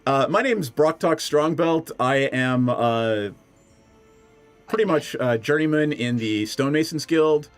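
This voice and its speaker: A man voicing a gruff, burly male dwarf stonemason who talks in an earnest, blustering way. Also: fairly high pitch, animated, a little slow, faint music behind.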